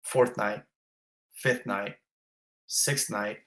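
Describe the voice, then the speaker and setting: A man's voice: on the low side, steady tone, extremely slow, pushed and bright. Blunt, intense man telling his story. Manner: vivid, blunt storytelling with swearing. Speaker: fire captain. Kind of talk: intense first-person retelling.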